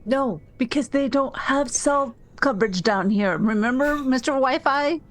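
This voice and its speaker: A woman's voice: high-pitched, measured pace. Dry, teasing woman player. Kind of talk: tabletop role-play.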